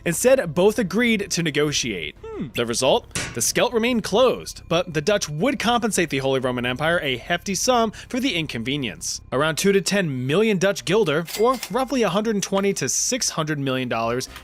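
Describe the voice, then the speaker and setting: A man's voice: a little high, very animated, normal speed, hardly any pauses, a little hiss or hum. A man narrating a history video in a scripted, wry, jokey storytelling manner.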